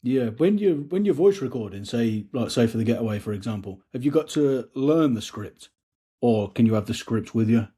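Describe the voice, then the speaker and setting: Male interviewer, husky voice, chatty and encouraging. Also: mid-range voice, expressive, normal speed, mellow. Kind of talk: casual interview chat.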